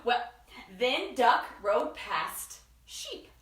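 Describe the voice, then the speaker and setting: Brief: woman storytime reader, high bright lively voice, unhurried, echoey room from a distance. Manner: expressive, animated, asks listeners questions. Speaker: teacher reading aloud. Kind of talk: storybook read-aloud.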